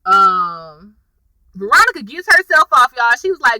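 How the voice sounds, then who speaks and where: A woman's voice: on the high side, very animated, a little slow, pushed and bright, no echo, rough recording. A woman, casually recapping a TV episode for viewers, chatty and sassy, calling them y'all.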